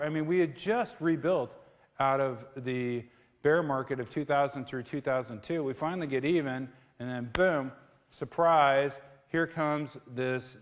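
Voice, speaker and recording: A middle-aged man gives a talk from a theatre stage, his voice sitting at an ordinary pitch. He is casual and joking but halting, full of fillers and restarts as he finds his words. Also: big-room sound. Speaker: guest speaker on investing. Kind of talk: live public talk with jokes.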